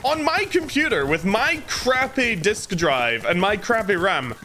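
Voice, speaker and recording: A man's voice: high voice, very animated, measured pace, sharp tone, a little hiss or hum. A man livestreaming a game, chatting casually and jokingly and greeting viewers by name. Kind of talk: casual gameplay commentary.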